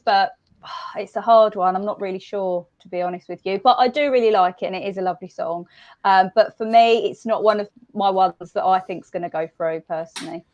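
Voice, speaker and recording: Female panelist, chatty and hesitant, mid pitch, dull lo-fi remote sound. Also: darkish tone. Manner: hesitant, chatty, lots of hedging. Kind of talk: casual panel discussion.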